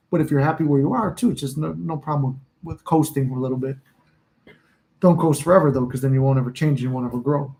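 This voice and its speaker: A man's voice: a little high, a little mellow, rough recording. Rambling, profane man on a live stream. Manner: rambling, profane, laughs often, acts out inner voices. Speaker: manifestation coach, live streamer. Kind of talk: casual live-stream chat. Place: home office.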